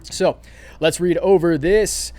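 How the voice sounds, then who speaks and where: A young man talks through crypto market moves in casual commentary. His voice sits a little high and stays keyed up, and he often restarts his sentences and keeps addressing viewers as "you guys". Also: slow, dry recording. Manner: excited, hyped, many fillers and restarts, calls viewers "you guys". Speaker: crypto channel host.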